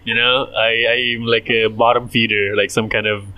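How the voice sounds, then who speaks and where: A man's voice: mid-range voice, flat delivery, moderate pace, bright, forceful tone. Rambling, jokey man. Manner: rambling, jokey, laughs often, slips into silly voices. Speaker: podcast co-host. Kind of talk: casual chat.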